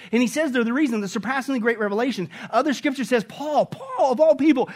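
Lively, high-pitched preaching man. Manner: animated preaching, shouting and laughing at peaks; asks the congregation questions. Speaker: pastor. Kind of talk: sermon.

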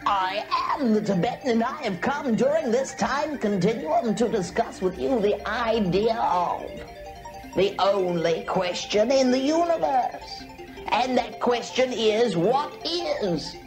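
A woman voicing a channeled male spirit guide, speaking in slow, measured, solemn pronouncements. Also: a little high, animated, music in the background.

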